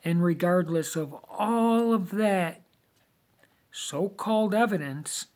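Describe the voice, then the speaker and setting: A man delivering a lecturing monologue, emphatic and deliberate, with many rhetorical questions. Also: high voice, darkish tone. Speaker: video monologue host.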